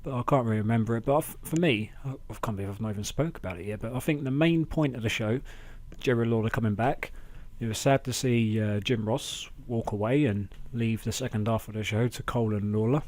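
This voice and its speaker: Man, casual podcast chat, excitable, dry close sound. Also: mid-range voice, fairly quick, few pauses, no room sound. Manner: chatty, excitable, acts out quotes in raised voices. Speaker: podcast host. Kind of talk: casual wrestling review chat.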